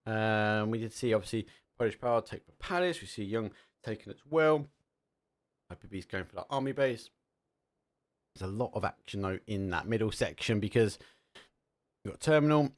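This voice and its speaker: A man's voice: on the low side, expressive, normal speed. A man with an Essex accent commentating a live esports match, chatty and joking between calls. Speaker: esports caster.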